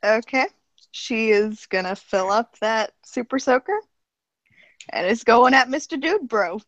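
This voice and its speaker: A woman playing a tabletop game, speaking in a quick, questioning way. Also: fairly high pitch, animated, a bit bright, no echo, muffled recording. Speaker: player.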